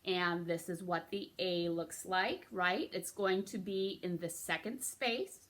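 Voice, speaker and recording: A woman with a bright, clear-toned voice leads a beginner recorder lesson. She talks patiently, guiding step by step and checking in often to keep the class with her. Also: lowish voice, slow pace. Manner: patient, encouraging, checks in with frequent okays. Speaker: music teacher.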